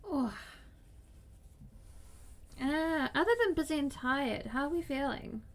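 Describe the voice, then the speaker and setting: Slow, playful higher-voiced woman streamer. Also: a little hiss or hum. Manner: playful, giggly, cutesy baby-talk phrasing. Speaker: livestreamer. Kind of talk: casual chat with stream viewers. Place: home desk setup.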